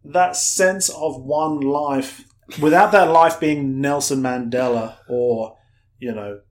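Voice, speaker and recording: A man's voice: medium pitch, takes it slowly. A man co-hosts a film review podcast in casual chat. He rambles and corrects himself, with a wry edge to his remarks. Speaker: podcast co-host.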